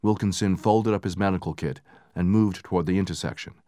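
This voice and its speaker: A man narrating a book in steady, measured scripted narration, raising his voice for the soldiers' lines. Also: sits low, no echo, clean studio sound. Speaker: audiobook narrator.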